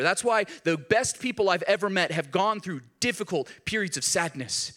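A middle-aged man, a pastor, preaching a sermon in an animated storytelling way, rising to loud emphasis and dropping to quiet. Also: high-pitched, moderate pace, creaky, hardly any pauses.

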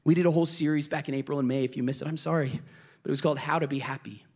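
Husky, energetic man preaching a sermon. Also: fairly high pitch. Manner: energetic, emotional preaching with quick asides to the congregation. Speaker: pastor. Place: church service.

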